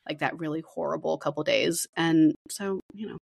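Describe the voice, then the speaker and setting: A woman's voice: low-pitched, normal speed, gravelly. A woman in her thirties co-hosting a casual podcast over a video call, telling stories with lots of swearing and acting out what others said. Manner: animated storyteller, swears freely, acts out quotes. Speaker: podcast co-host. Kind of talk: casual chat.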